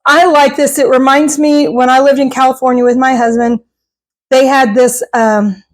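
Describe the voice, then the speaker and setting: A woman's voice: sits high, little pitch movement, moderate pace, rough recording. A middle-aged woman, chatting casually to camera at home on a clip-on mic, rambling and laughing often. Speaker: vlogger. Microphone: clip-on microphone.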